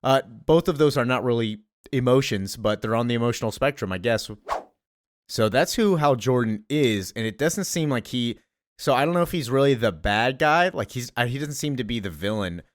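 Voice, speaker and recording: A man's voice: medium pitch, animated, normal speed, no echo. A man hosting a casual comic book recap in a chatty way, with lots of fillers. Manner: chatty, full of fillers and laughs.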